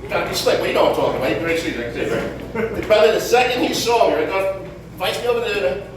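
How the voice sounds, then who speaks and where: Brash high-voiced middle-aged comic, roomy. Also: male voice, sing-song, quick pace, background noise. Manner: brash, self-mocking storytelling with street slang. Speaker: stand-up comedian. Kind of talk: stand-up comedy set. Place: comedy club stage. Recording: roomy echo from far off.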